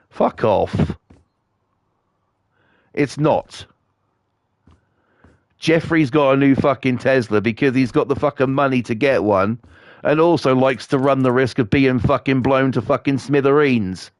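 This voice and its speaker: A man's voice: mid-range voice, unhurried, dry recording, clean studio sound. A British man streaming a game, ranting bluntly and swearing constantly as he chats to viewers. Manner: profane, blunt, scornful. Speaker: livestreamer.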